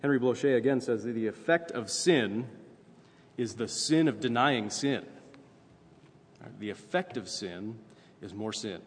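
A man's voice: mid-range voice, measured pace, breathy edge. A man preaching a sermon in a conversational way, often checking in with "right?" as he goes. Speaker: pastor. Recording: long reverb, faint ambient noise.

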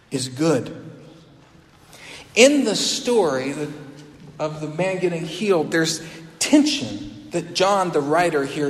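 Slow-speaking preacher in an echoing hall. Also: male voice, a little high. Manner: retells scripture with acted quotes, dropping to a hush. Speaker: pastor. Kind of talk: sermon. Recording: echoey hall with long reverb.

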